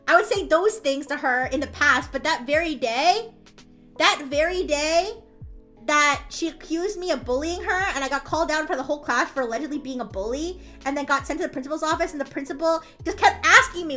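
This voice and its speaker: A woman's voice: sits high, animated, fairly quick, pushed and bright, soft background music. A woman streamer telling a story in casual chat, rambling, restarting often and swearing freely.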